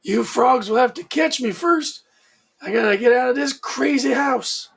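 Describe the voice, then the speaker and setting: Someone doing a gravelly macho biker. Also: high-pitched, normal speed, heavily acted. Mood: brash. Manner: brash, sneering. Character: cocky macho male biker tough guy. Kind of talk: comic read-aloud with voices.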